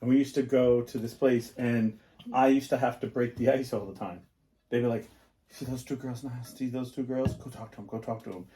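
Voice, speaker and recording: Speaking fairly quickly in a warm, steady, medium-pitched voice, this middle-aged man co-hosts a podcast, with a little hiss or hum in the audio. His casual storytelling wanders and leans heavily on fillers.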